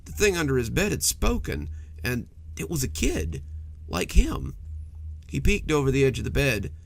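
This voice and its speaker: A man narrating a cozy horror story in a measured, softly dramatic way. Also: medium pitch, creaky.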